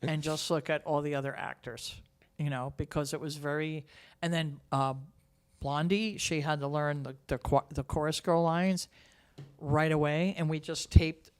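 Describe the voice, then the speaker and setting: Lively storytelling woman guest. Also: low-pitched, normal speed, smooth. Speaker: theatre educator guest. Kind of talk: casual chat.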